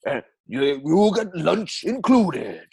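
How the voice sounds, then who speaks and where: A man's voice: a little high, sing-song, takes it slowly, husky, exaggerated voice. A man doing a Welsh-accented oil baron advert. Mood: mock salesman. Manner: drawling, breaking into laughter, shouting at the climax. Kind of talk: comedic podcast advert sketch.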